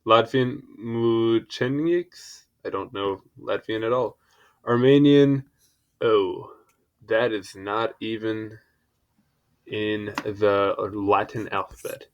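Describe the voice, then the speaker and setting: A man's voice: fairly low pitch, steady tone, takes it slowly, pauses often, muffled recording. A young man casually reading an encyclopedia article aloud, stumbling over foreign words and adding apologetic asides.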